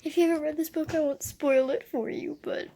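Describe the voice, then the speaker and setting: A woman's voice: sits high, steady tone, fairly quick, dark tone, a little hiss or hum. A teenage girl vlogging at home about finishing a book series, gushing, often whispering and exclaiming "oh my gosh.". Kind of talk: casual vlog. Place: at home, in her bedroom.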